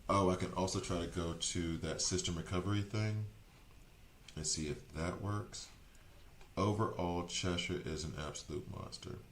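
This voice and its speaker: A man streaming a video game, chatting casually and rambling as he second-guesses his choices out loud. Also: low-pitched, normal speed, reverberant, a little hiss or hum. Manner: chatty, rambling, self-correcting. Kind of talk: casual gameplay commentary.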